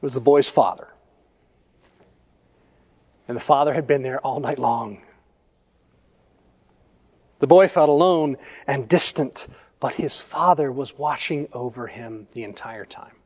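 A male pastor preaching a sermon, telling stories in a measured way and putting questions to the congregation. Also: medium pitch, a little mellow, husky. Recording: echoey church hall, dull lo-fi sound.

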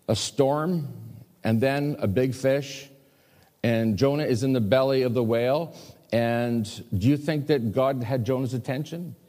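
A man preaching a sermon as pastor, telling stories with lively acted-out quotes. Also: medium pitch. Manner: animated storytelling with acted quotes. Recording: long hall reverb.

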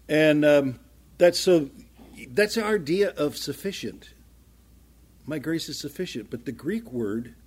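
A man with a husky, slightly rough voice preaches a sermon to his congregation. He talks in a conversational way, acts out little exchanges, and builds to fervent, rising emphasis. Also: mid-range voice. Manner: conversational, acts out small dialogues, grows louder and more fervent. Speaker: pastor.

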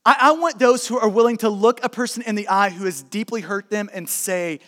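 A man preaching a sermon as pastor, emphatic, swinging between loud urging and hushed softer passages. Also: high voice, fairly quick, few pauses, big-room sound.

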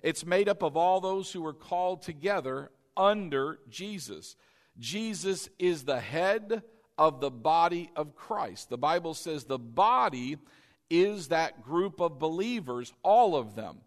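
A man with a fairly high voice preaches to his congregation from a church sanctuary. He delivers an emphatic sermon, repeating key lines and tossing questions to the crowd. A long reverb rings through the hall around him. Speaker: pastor.

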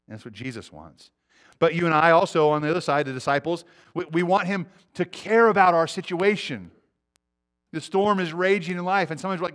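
A middle-aged man preaching a sermon, earnest, swinging between loud urgency and quiet intensity. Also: on the high side, a little fast. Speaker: pastor.

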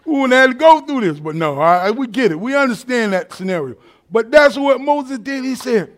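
A man preaching a sermon in an animated, colloquial way, swinging from quiet asides to shouts. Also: extremely high pitch, a little fast.

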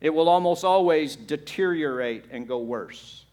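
A male pastor with lively intonation preaches a little slowly, swinging from quiet, low passages to loud, emphatic ones and directing rhetorical questions at the congregation.

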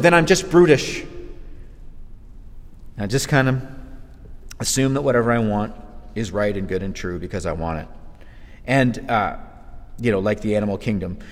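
A man preaching a sermon in a lively, conversational way, acting out quotes as he goes. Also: medium pitch, long reverb tail.

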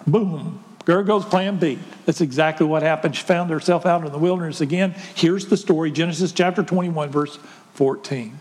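Man preaching in a church, chatty storytelling, kinda high voice, long echo. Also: moderate pace, darkish tone. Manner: storytelling, conversational with rhetorical questions. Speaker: pastor. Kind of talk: sermon.

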